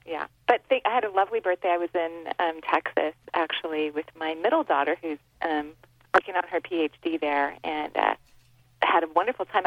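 A gracious woman in her fifties calls in as a radio guest, laughing easily as she talks. Her voice comes over a dull, muffled cordless phone line. It sounds dry, with no room echo. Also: fairly low pitch. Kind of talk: phone interview. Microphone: cordless landline phone. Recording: muffled landline phone call.

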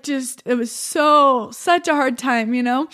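Young woman, high-pitched, podcast guest, candid and emotional, lots of "like". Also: a little slow, bright, forceful tone. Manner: emotional, chatty, many "like"s and quoted thoughts. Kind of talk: candid personal storytelling.

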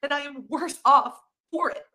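Passionate, upset high-voiced woman. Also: moderate pace, bright, forceful tone. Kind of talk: emotional vlog confession.

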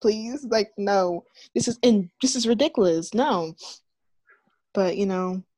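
A woman co-hosting a podcast, chatting casually and ranting in an animated way, with lots of swearing and acted-out quotes. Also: mid-range voice, unhurried. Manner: animated ranting with heavy cursing. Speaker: podcast co-host. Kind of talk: casual chat.

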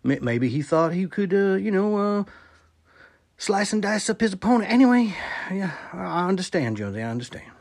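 A man with a high, very animated, fairly quick voice, with vocal fry and a slightly mellow tone, records a comic voice message on his phone for a podcast host. He rambles, stammers, repeats himself, and contradicts his own jokes with absurd asides.

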